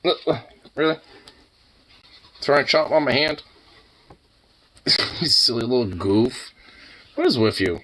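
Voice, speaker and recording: A man's voice: medium pitch, normal speed, pauses often, fairly bright tone. A man chatting to his pet dog in teasing baby talk, mixing cooing with swearing. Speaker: pet owner vlogger.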